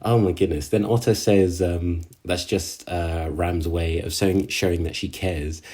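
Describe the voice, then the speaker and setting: Low, mellow-voiced man ranting. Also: fairly even intonation, measured pace. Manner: exasperated, slangy, many fillers. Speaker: anime reviewer. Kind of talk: casual episode recap and rant.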